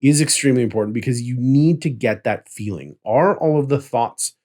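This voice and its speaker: A man's voice: mid-range voice, animated, brisk, mellow. A man co-hosting a casual chat about tabletop role-playing, explaining at length and checking in with "right?" as he goes. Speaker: podcast co-host.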